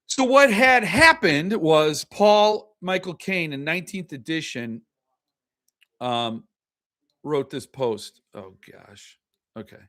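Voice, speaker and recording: A man's voice: a little high, lively intonation, slow pace, fairly bright tone. A man hosting his own show, ranting with sarcasm and profanity in a casual commentary. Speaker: podcast host.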